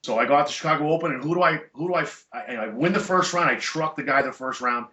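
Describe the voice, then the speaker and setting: A middle-aged man, a podcast guest, telling stories in casual chat, animated and emphatic with blunt profanity. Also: on the high side, fast talker. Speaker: podcast guest, chiropractor and jiu-jitsu black belt. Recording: echoey room, dull lo-fi sound.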